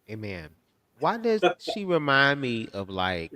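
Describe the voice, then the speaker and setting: A man's voice: mid-range voice, sing-song, slow, bright, forceful tone. A man on a casual panel show, playful and joking as he riffs on the clips.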